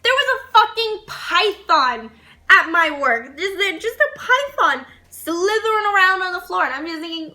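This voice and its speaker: A young woman vlogger telling a story to camera in a casual, animated way, swearing and laughing as she goes. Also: very high voice, moderate pace.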